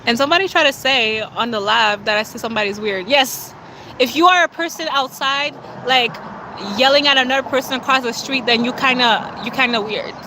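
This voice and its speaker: A woman influencer talking casually and boastfully on a phone livestream, with sassy remarks and quick laughs. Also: fairly high pitch, sharp tone, poor audio. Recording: clear outdoor traffic noise.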